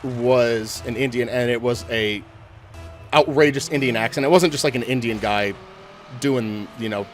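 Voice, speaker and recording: A man chatting casually with friends while playing a game online, talking loosely and swearing, thinking out loud as he goes. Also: mid-range voice, moderate pace, faint music behind. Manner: loose, profane, thinking aloud. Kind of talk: casual chat over game voice chat.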